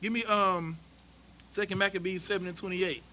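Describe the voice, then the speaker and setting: High, bright-voiced man preaching. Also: fairly even intonation, moderate pace, rough recording. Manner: preachy, mocking, conversational. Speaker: teacher leading a scripture class. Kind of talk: street-style scripture teaching.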